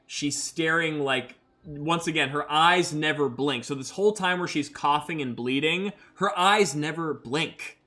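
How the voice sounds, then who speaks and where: A man's voice: fairly high pitch, measured pace, pushed and bright. Casual young man running a solo game. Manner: casual, filler-heavy storytelling. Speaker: game master. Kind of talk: narrating a solo tabletop game.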